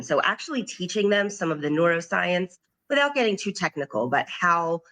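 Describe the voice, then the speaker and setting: Her voice low and fairly bright, a middle-aged parent coach and occupational therapist gives an earnest, reflective podcast interview. She regularly repeats lines she says to her children.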